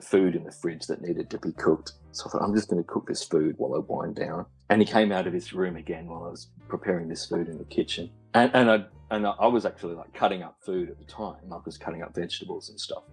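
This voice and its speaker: A man tells his story down the line, his voice low and slightly breathy. He falters and repeats himself, breaking into wry laughter at dark moments. Soft music sits faintly underneath. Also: poor audio. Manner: halting, repeats words, laughs wryly. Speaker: caller. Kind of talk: casual storytelling on a call.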